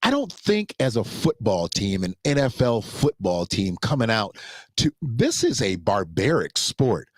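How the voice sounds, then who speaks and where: A man hosting a casual solo commentary show, talking loosely and jumping into high mocking voices when he quotes others. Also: wildly swooping pitch, unhurried, dry recording, clean studio sound.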